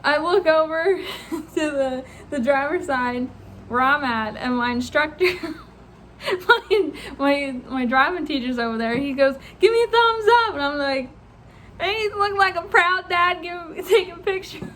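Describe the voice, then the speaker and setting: A young woman with a high voice tells a story to the camera, animated and laughing between lines. She swears freely and acts out the people she quotes. Faint noise sits behind her. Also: measured pace. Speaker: vlogger. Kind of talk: casual storytelling vlog.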